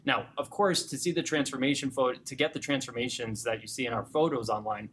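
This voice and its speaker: A man's voice: mid-range voice, fast, a little hiss or hum. Enthusiastic male fitness coach telling client stories. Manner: animated storyteller, grows excited and emotional when recounting clients. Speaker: fitness gym owner or coach. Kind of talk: conversational interview storytelling.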